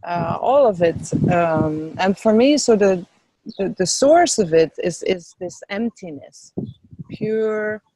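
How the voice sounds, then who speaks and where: A woman's voice: medium pitch, lively intonation, takes it slowly, warm tone, rough recording. A woman spiritual teacher talking enthusiastically about her tours and workshops in a casual interview, with lots of fillers, outdoors in the wind. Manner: enthusiastic, chatty, with many fillers. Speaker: spiritual teacher and tour leader, guest.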